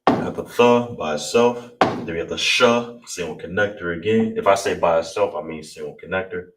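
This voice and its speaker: A man with a Chicago accent teaching an online language class, saying words slowly and repeating them, often checking that listeners understand. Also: low-pitched. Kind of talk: online language lesson, livestream. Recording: roomy echo, distant mic, faint noise.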